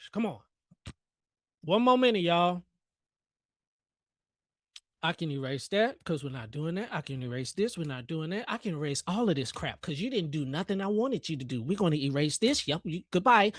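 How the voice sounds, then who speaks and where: A man's voice: a little high, big pitch swings, normal speed, no echo, studio quality. A man hosting a trading livestream, joking and talking back to the chart in casual live commentary. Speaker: livestream host and futures trader.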